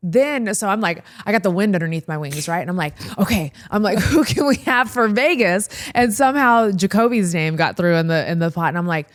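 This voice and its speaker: Woman podcast host, lowish voice, excitable casual storytelling. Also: fast talker, few pauses. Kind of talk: casual chat.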